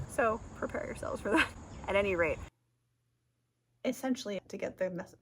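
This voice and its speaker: A woman's voice: mid-range voice, normal speed, very noisy. A woman vlogger chatting casually outdoors, rambling, giggling and tripping over her words. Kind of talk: rambling casual vlog talk.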